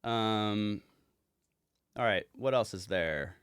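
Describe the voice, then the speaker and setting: A man's voice: fairly low pitch, takes it slowly, a bit bright, clear, resonant tone, dry recording, clean studio sound. A man who is a music producer, walking through a project in a casual livestream, talking loosely and rambling with casual swearing.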